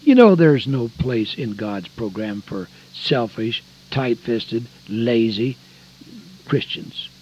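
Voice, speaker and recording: An older man preaching a folksy radio sermon, emphatic, swinging between loud stretches and hushed ones. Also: medium pitch, lively intonation, takes it slowly, slightly rough, lo-fi sound.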